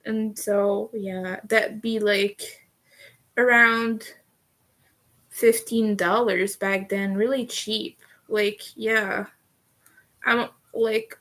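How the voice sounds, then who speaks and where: A young woman chatting casually on a livestream, giggly, with occasional vocal fry. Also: fairly high pitch, slow pace, a bit bright. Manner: chatty and giggly, laughs often. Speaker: streamer.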